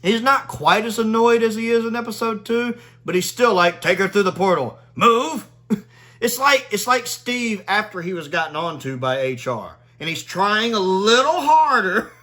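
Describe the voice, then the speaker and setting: A man talks through a review in a loose, chatty way, laughing often and scattering "like" through his sentences. His voice sits a little high and swings widely in pitch, with a bright, forceful edge. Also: expressive, moderate pace. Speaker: video reviewer. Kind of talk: casual spoken review.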